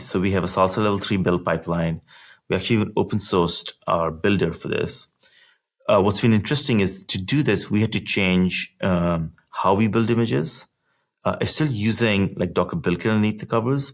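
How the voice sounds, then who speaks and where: A man, a guest on a technology interview podcast, talking through engineering work in loose, casual sentences full of "like" and restarts. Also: low-pitched. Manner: explains in loose run-on sentences with frequent "like".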